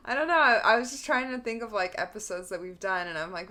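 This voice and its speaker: A woman's voice: fairly high pitch, moderate pace. A young woman co-hosting a casual podcast, telling stories with lots of fillers and frequent laughter. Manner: laughs often, animated storytelling with filler words. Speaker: podcast co-host. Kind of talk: casual chat.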